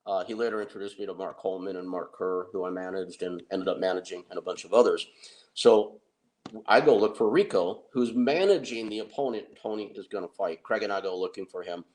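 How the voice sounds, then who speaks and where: Lower-voiced middle-aged man, animated storyteller, laughs at himself. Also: a little fast. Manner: animated, self-deprecating, laughs often. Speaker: wrestling and MMA manager. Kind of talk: anecdotal storytelling.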